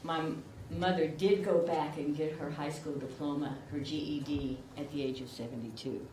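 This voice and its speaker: A woman's voice: sits low, steady tone, normal speed. An older woman from southern Illinois, with a rural southern Illinois accent, giving a chatty, self-deprecating acceptance speech at a podium mic. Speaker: award recipient. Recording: echoey room from far off, background noise.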